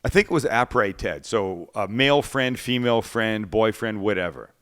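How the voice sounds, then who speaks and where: A man's voice: lowish voice, normal speed. A man hosting a cooking show, telling stories in casual chat and acting out the people he quotes. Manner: animated storyteller acting out quotes.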